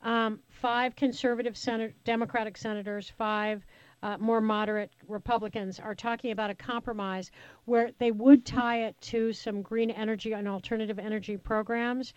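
A woman hosting a talk radio show, chatty and enthusiastic, with quick asides, speaking into a studio microphone. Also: on the high side, level tone, clean tone, no echo, highs cut off. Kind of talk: talk radio chat with callers.

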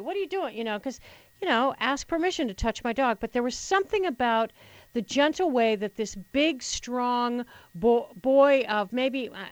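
A middle-aged woman radio host telling a personal story in a reflective, halting way, often restarting and repeating words. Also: fairly high pitch, no echo, rough recording.

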